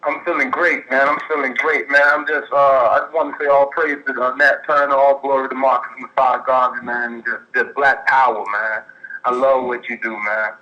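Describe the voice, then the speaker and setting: A man's voice: mid-range voice, flat delivery, normal speed. A man calling in by phone, talking emphatically and ending phrases with "man". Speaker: caller. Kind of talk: phone-in call. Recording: bright tinny phone line.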